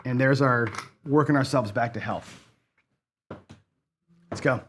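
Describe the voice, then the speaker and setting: This host speaks at a medium pitch and a slow pace, with a little hiss or hum on the recording. During his casual live craps stream he talks to chat, frustrated and swearing as the losses come.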